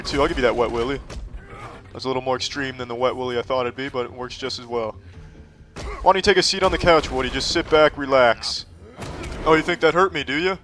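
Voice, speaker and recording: A man in his thirties giving deadpan, profanity-laced commentary while playing a game. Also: fairly high pitch. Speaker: streamer. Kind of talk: gameplay commentary.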